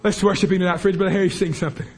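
A man's voice: high voice, steady tone, rapid-fire, a little mellow. A man preaching a fervent revival sermon in a church service, impassioned and repetitive as he calls out to the congregation.

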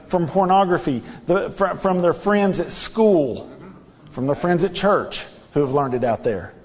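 A man's voice: on the high side, expressive, unhurried, in a large hall. A man preaching a sermon in a church, earnest and repetitive, pressing his listeners with rhetorical questions. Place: church sanctuary.

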